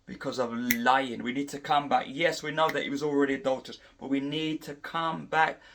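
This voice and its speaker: A man's voice: mid-range voice, fairly even intonation, fairly quick, a bit bright, a little hiss or hum. A middle-aged man giving an impassioned preaching monologue, repeating and restarting his phrases for emphasis. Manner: repetitive, emphatic, with frequent restarts. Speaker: Christian preacher.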